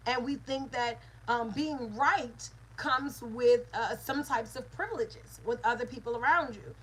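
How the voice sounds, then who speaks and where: A woman's voice: fairly high pitch, a bit bright, breathy edge, poor audio. A woman, a mother and spiritual teacher, giving an earnest lesson with repeated phrases and call-and-response. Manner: earnest, repetitive teaching cadence.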